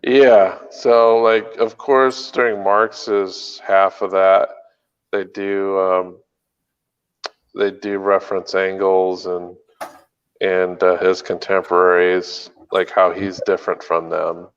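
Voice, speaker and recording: Man, casual podcast chat, low voice, smooth and resonant, hesitant with many fillers, slightly dull lo-fi sound. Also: level tone, takes it slowly. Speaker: podcast co-host.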